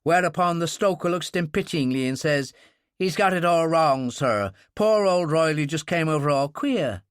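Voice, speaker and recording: A man voicing a blunt, jovial older ship's doctor who tells stories with animated relish. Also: a little high, normal speed, clear, resonant tone, no echo, studio quality, lightly acted. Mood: wry storytelling. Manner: hearty, animated, fond of telling stories.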